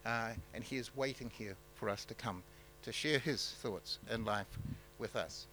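NZ male pastor, bright forward tone, halting off-the-cuff sermon delivery, faint hum behind. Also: medium pitch, poor audio. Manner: halting, many fillers and restarts, conversational.

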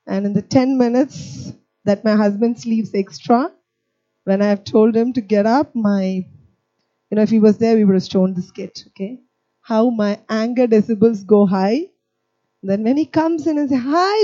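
A woman's voice: medium pitch, no echo, muffled recording. A woman preaching a sermon, telling stories with humour and acting out scenes. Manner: animated, humorous storytelling, acting out scenes.

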